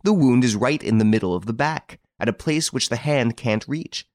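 A man voicing a composed gentleman detective. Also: medium pitch, animated, no echo, studio quality, lightly acted. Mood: grave. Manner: measured, authoritative. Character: composed gentleman detective, male, middle-aged, commanding.

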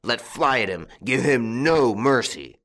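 A man voicing a gruff, bossy old male farmer with loud, blustering outbursts in an audiobook. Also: medium pitch, expressive, measured pace. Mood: gloating. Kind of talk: audiobook character voice.

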